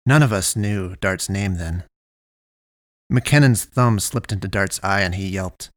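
A man narrating a first-person story in a measured, deliberate way. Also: low voice, no room sound, clean studio sound.

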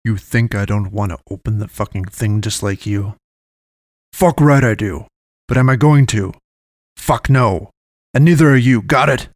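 A man's voice: lowish voice, measured pace, dry recording, studio quality, lightly acted. A man voicing a stern ranking mercenary who growls curt threats. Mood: menacing.

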